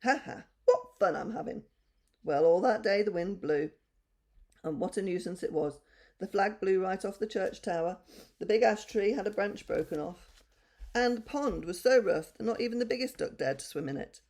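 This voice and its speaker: An older woman reading a bedtime story aloud to children, gentle and expressive. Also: medium pitch, normal speed.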